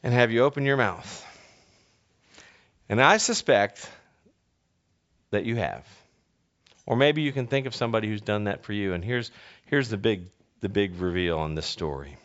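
A man's voice: lowish voice, moderate pace, pauses often, a bit bright. A man preaching a conversational sermon, telling a story and asking the listeners rhetorical questions, with frequent restarts. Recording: dull lo-fi recording.

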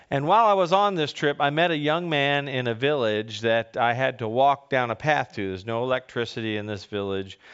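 A middle-aged male pastor from North America, giving a folksy sermon with halting restarts and swings in pitch. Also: a bit bright, smooth. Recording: dull lo-fi sound.

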